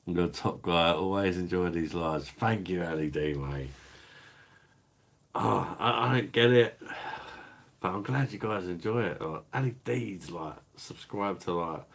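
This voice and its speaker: A man's voice: low voice, a bit bright. A man from London with a Cockney-Kentish accent, hosting a live stream and bantering with the chat in a laid-back, sweary, chuckling way. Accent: Cockney-Kentish English. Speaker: livestream host reading chat.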